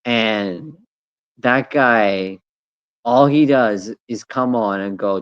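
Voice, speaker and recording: Man, low voice, loose profane rambling chatter, dry dull stream audio. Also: extremely slow, clear, resonant tone, no echo. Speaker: streamer on a panel. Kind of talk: casual chat.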